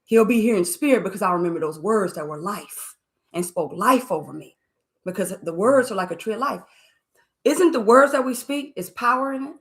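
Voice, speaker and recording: A woman's voice: mid-range voice, animated, a little fast. A woman co-teaching a Bible study who keeps affirming the reader and drives her points home with rhetorical questions and emphatic urging. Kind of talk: preaching commentary in dialogue.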